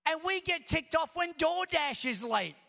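A man preaching a sermon as pastor, impassioned and building to shouts as he reads scripture in long rhythmic lists. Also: very high voice, animated, a little slow, vocal fry. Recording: long reverb of a large hall.

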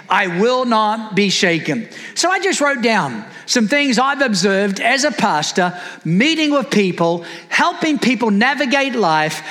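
A man's voice: extremely high pitch, sharp tone, big-room sound. A man preaching a sermon as a pastor, calling out to the congregation with rising fervor.

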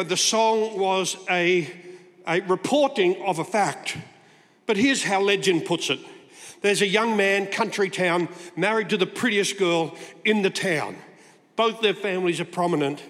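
High-voiced older man preaching in a hall. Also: a bit bright. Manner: conversational, playful storytelling. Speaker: guest preacher. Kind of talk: sermon. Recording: long hall reverb.

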